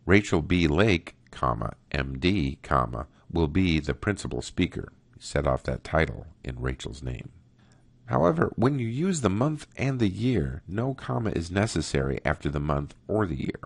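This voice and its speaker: A man teaching a writing workshop, reading example sentences aloud in a slow, deliberate way. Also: very deep voice, vocal fry, dry recording. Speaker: writing instructor. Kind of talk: recorded grammar lesson.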